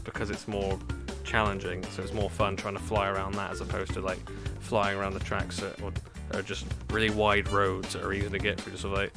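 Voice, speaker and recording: A young man chatting casually and giggling often while live-streaming a racing game, loud game music behind. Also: deep voice, flat delivery, a little fast, creaky, hardly any pauses.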